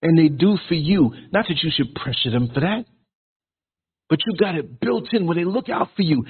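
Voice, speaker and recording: A man's voice: a little high, expressive, normal speed, slightly rough. A man on a call-in show giving an earnest, preachy, musing monologue. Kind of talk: philosophical monologue. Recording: tinny phone line.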